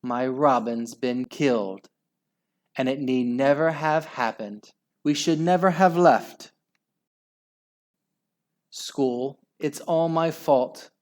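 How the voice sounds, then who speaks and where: A man's voice: mid-range voice, slow pace, long pauses, lightly acted. A man reading a children's story aloud, voicing an anxious, dramatic mother mouse in a raised, fluttery voice. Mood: woeful. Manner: raised, fluttery voice, loud cries.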